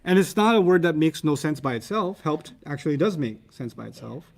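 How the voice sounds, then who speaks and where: A man's voice: fairly high pitch, fairly quick, vocal fry. A man teaching Arabic grammar to young students in a casual, playful, teasing way. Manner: playful, teasing, animated explaining.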